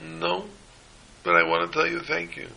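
A man doing a quiet, unbothered restaurant owner. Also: on the high side, very animated, normal speed, creaky, a little hiss or hum, voice pushed up, heavily acted, poor audio. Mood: calm. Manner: soft, mild, understated.

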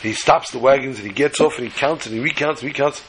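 A man telling a folk tale in an animated way, repeating words for rhythm. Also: medium pitch, quick pace, a little hiss or hum. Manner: animated, repetitive phrasing. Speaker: storyteller. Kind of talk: oral storytelling.

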